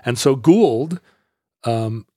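A man's voice: medium pitch, expressive, very slow, dark tone, no room sound, clean studio sound. Chatty man telling a history tale. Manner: rambling, self-correcting, laughs easily, tries funny voices. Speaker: podcast co-host telling a history story. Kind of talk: casual storytelling chat.

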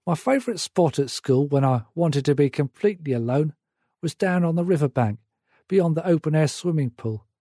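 A man narrating a memoir in a measured, reflective way. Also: on the high side, expressive, dark tone, dry recording, studio quality.

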